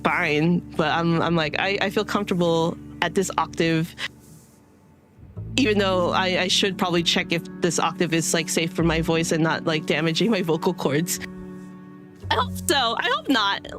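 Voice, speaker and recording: Over music, a woman streamer with a lowish, animated voice chats casually with her audience at a moderate pace. She rambles with many fillers and restarts, and her throat is a bit dry, so she clears it now and then.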